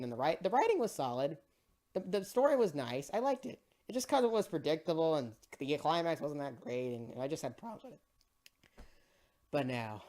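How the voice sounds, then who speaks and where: An excitable movie reviewer rants casually, swinging the pitch up and down a lot. The talk is exasperated and full of swearing and repeated "bro".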